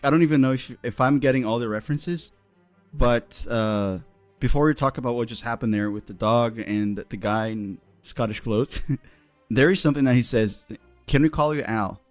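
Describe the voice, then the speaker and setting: A man's voice: mid-range voice, normal speed, no room sound. A man co-hosts an English lesson, quoting clips and asking his partner questions. The sound is dry and close. Faint music sits in the background. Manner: asks questions, quotes clips. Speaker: co-host, English teacher. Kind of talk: casual teaching chat.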